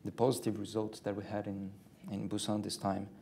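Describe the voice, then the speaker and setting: A man speaking as a panelist in a policy discussion, talking in a hesitant, halting way. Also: fairly low pitch, level tone, creaky, warm tone, slight background noise.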